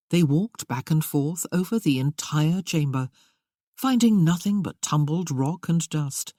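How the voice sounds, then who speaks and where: A woman reads a romance novel aloud in a measured, steady way. Her voice sits low with a warm, mellow tone. The recording is dry and close, with no room sound. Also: no room sound. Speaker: audiobook narrator. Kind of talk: scripted romance narration.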